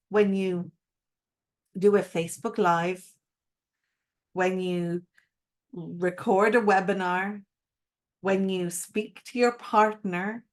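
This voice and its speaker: A middle-aged woman giving a live-streamed masterclass as a coach, speaking expressively and emphatically and asking the viewers direct questions. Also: medium pitch. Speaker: mindset coach.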